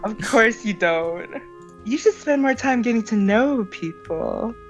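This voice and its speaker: A woman's voice: fairly high pitch, lively intonation, measured pace, highs cut off, soft background music. A woman reading visual novel dialogue aloud with friends, with playful, teasing line reading.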